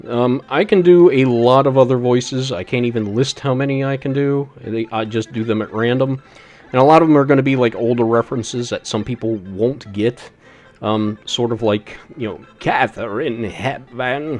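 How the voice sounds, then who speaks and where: A man's voice: medium pitch, expressive, normal speed, a little mellow, soft background music. A man streaming a retro video game live, chatting casually while he plays, in a rambling, self-deprecating way. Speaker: gaming streamer.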